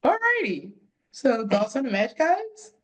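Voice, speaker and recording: A woman's voice: high voice, big pitch swings, measured pace, poor audio. A young woman co-hosting a podcast, laid-back and casual as she introduces the next matches. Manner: laid-back, steering the talk. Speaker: podcast co-host.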